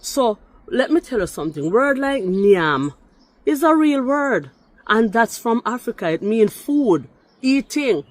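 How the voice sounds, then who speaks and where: A middle-aged speaker from Jamaica with a Jamaican accent, delivering a heated response rant, emphatic and indignant, slipping into patois and jumping up in pitch on every rebuttal. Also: sing-song, a little slow, dry recording. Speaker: vlogger responding to another video.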